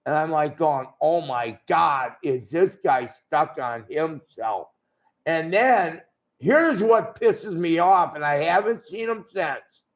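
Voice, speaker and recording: High-pitched and gravelly, the voice belongs to an older man who used to wrestle. He's a guest in a shoot interview, telling blunt, profanity-laced stories in a rambling way.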